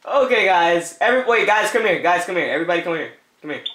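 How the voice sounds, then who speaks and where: A man's voice: high-pitched, lively intonation, fast talker, bright, forceful tone, roomy sound. A man giving playful let's-play commentary, teasing the other players and often breaking into laughter with goofy repeated calls. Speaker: gameplay commentator.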